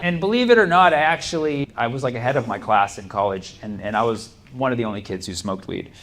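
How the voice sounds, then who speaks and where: This stand-up comic speaks fast at a medium pitch, spinning loose stories packed with fillers and restarts. He's performing live in a comedy club, where the audience ambience forms constant background noise.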